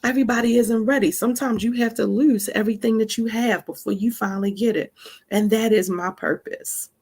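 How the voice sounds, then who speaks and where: A woman's voice: medium pitch, steady tone, fairly quick, darkish tone, slightly rough. A woman giving a casual spiritual teaching talk, speaking straight to her listeners with frequent asides and emphatic remarks. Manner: conversational, addresses listeners directly with frequent asides; emphatic, laughs between points.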